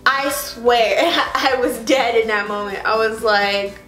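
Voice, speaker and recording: Sassy young woman vlogging a story, kinda high voice, roomy echo w faint music under it. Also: slow pace. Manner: animated, exasperated, sassy. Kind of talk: casual storytime.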